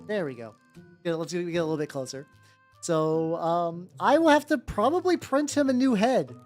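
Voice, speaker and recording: A live streamer chatting casually while painting miniatures, rambling loosely, swearing freely and greeting viewers by name over and over. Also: mid-range voice. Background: faint background music.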